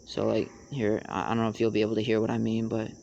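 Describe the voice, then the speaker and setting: A young man explaining rap rhyme schemes in a casual tutorial, halting with many fillers. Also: on the low side, little pitch movement, creaky, darkish tone, lo-fi sound, a little hiss or hum. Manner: halting, many fillers, raps lines to demonstrate.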